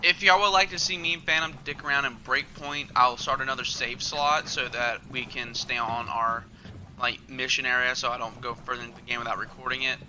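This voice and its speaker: A man's voice: mid-range voice, fairly even intonation, fairly quick, pushed and bright, a little hiss or hum, rough recording. A young man hosting a gaming channel, talking loosely with lots of fillers as he plays. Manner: rambling, loose and filler-heavy. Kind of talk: casual gameplay commentary.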